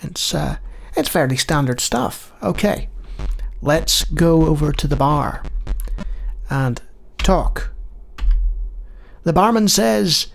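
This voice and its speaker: Wry man with a gravelly voice. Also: fairly high pitch, expressive, takes it slowly, pauses often, soft background music. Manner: dry, wry asides. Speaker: game show host. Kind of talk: casual let's-play commentary, reading game text aloud.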